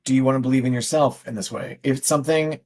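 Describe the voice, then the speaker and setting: Male tarot co-host, casual and rambling, self-deprecating, mid pitch. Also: steady tone, fast talker, a little mellow. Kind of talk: casual chat on live stream.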